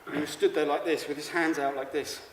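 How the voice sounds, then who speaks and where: A man performing a rambling theatrical monologue on stage, swinging from manic to hushed. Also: a little high, flat delivery, quick pace, slight background noise. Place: stage in a large hall. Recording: echoey hall recording from far off.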